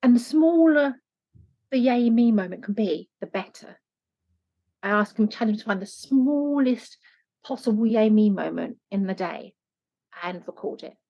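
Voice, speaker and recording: A woman life coach talking earnestly in an interview, turning animated when she acts out what people say. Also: mid-range voice, moderate pace, creaky. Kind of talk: conversational interview. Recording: dull lo-fi sound.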